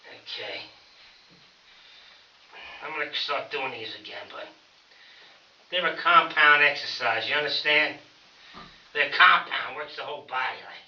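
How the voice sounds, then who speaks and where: A man's voice: a little high, unhurried, pauses often, pushed and bright, slight background noise. An older man chatting casually to camera while lifting at home, rambling and folksy as he calls his viewers fellas. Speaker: home powerlifting vlogger. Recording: roomy, distant, dull camera audio.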